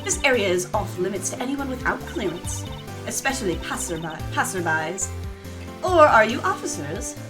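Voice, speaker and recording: A woman's voice: mid-range voice, very animated, moderate pace. A woman playing a video game with a friend, chatting casually and giggling while she eats. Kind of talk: casual let's-play chat. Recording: game music playing behind. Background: game music.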